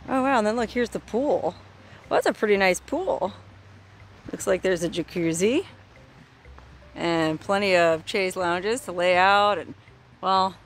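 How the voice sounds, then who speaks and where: A woman's voice: mid-range voice, a bit bright. A woman hosting a casual walking-tour vlog outdoors, chatty and upbeat, cooing at animals along the way. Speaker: travel vlogger and host. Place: outdoors at a desert roadside hotel.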